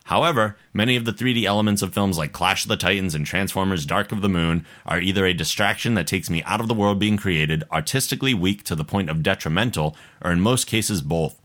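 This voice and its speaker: Deep, bright-voiced male podcast host. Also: a little fast, few pauses. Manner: laughs often, stumbles over words while reading aloud. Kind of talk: casual podcast chat and reading a listener email.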